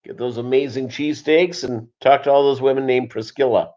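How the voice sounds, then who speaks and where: A man's voice: medium pitch, steady tone, fairly quick, a little mellow. Man, casual livestream host, rambling, jokey, filler-heavy, muffled lo-fi sound. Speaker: show host.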